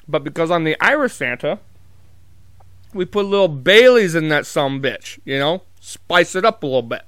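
A man's voice: fairly high pitch, expressive, normal speed, a bit bright, no echo, studio quality. A man vlogging in a casual comedic monologue, telling rambling, profane, jokey stories.

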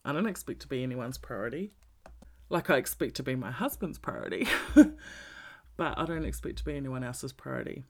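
A man's voice: medium pitch, lively intonation, brisk, creaky, fairly bright tone. A man giving a blunt, profane, candid talk about emotional healing, repeating his points for emphasis.

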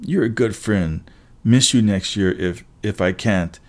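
A man voicing a huge but timid teenage boy who talks like a much younger kid, sniffling and halting from crying. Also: on the low side, a little mellow, lightly acted. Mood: tearful. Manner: trembling, halting, childlike. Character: big childlike teenage boy, timid and tearful.

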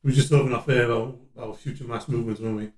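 A British man hosts a relaxed podcast, easygoing and quick to laugh, stalling with the odd filler. His pitch is ordinary. The room gives his voice a roomy echo. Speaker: podcast host. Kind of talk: casual chat.

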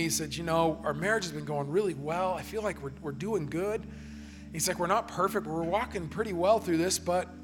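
Man, pastor, sermon, earnest storytelling, slightly high voice, music clearly underneath. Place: church stage.

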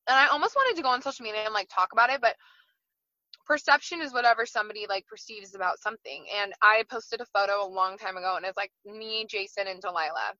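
A woman's voice: medium pitch, quick pace, sharp tone, no echo, highs cut off. A woman talking candidly from her car as a guest, often repeating words as she starts a thought. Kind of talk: casual chat.

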